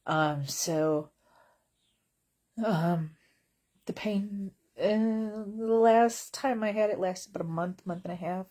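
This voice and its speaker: A woman with a husky, slightly low voice talks casually to her camera from bed at home. Her delivery is slow and unhurried, wry and blunt, wandering between topics with plenty of fillers. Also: darkish tone. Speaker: vlogger.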